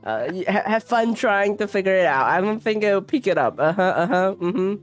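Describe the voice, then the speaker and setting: A man's voice: high-pitched, animated, moderate pace, faint music behind. A man hosting a casual streamed talk show, hesitant and full of fillers, with a playful teasing manner. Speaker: podcast host.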